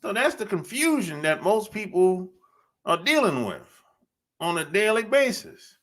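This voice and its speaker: Male podcast host, high lively voice, unhurried, blunt, laughs a lot. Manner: blunt, laughing often, drawn-out emphatic phrasing. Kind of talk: casual monologue.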